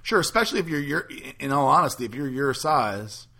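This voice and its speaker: A man's voice: medium pitch, fairly quick. A man hosting a casual chat, asking musing follow-up questions. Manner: relaxed, asks musing questions.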